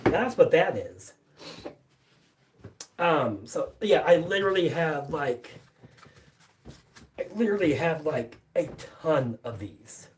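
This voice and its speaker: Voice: mid-range voice, big pitch swings, takes it slowly, pauses often, distant mic, a little hiss or hum. A live-stream host chatting casually from a basement workshop, rambling with lots of fillers and restarts and swearing offhandedly. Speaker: livestream host.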